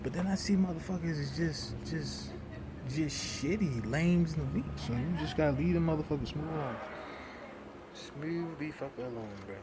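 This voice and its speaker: A young man, venting in a heated, profane rant that swings between loud outbursts and low muttering. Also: moderate pace, noisy background.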